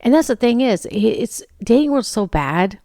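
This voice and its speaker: A middle-aged woman telling a rambling, exasperated story about a man she is dating, often acting out her own texts and words in a higher voice. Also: lively intonation, normal speed, mellow, no echo, studio quality. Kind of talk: casual storytelling rant.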